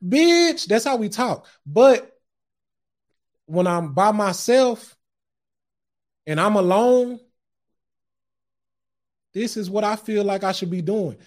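Speaking in a high, lively voice, this man talks slowly and pauses often. He hosts his own podcast, preaching an impassioned motivational message in street slang straight to his audience, whom he calls guys and family, frequently repeating words at the start of a thought.

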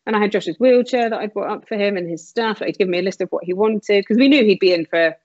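A woman telling a personal story in conversation, candid and emotional with quick asides. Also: mid-range voice, darkish tone, dry recording, highs cut off. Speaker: guest sharing her story.

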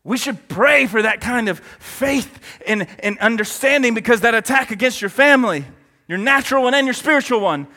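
A man's voice: extremely high pitch, lively intonation, normal speed, bright, forceful tone, big-room sound. A man preaching a sermon to his congregation, emphatic and full of rhetorical questions.

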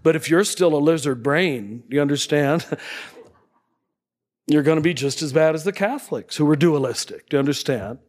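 A man giving a spiritual talk to an audience, conversational, often checking in with the listeners and chuckling softly. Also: fairly high pitch, normal speed. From United States. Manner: conversational, checks in with tag questions and soft chuckles. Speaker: spiritual teacher.

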